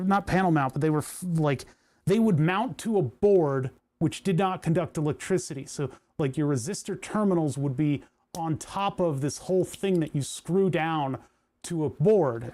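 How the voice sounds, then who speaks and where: A man's voice: on the high side, a little mellow. A young man streaming live, chatting casually and rambling into asides while he works on a soldering job and reads chat. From United States.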